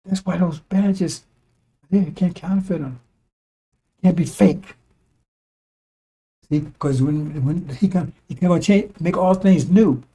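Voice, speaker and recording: A man with a somewhat high, mellow voice, preaching in a loose, conversational way. He keeps circling back to the same point and tosses in little rhetorical checks with his listeners. The tone is casual and emphatic rather than formal. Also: measured pace, pauses often, slightly rough. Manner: conversational, rhetorical asides like "right?" and "see?"; repetitive, emphatic drilling of points. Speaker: religious commentator. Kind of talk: informal preaching monologue.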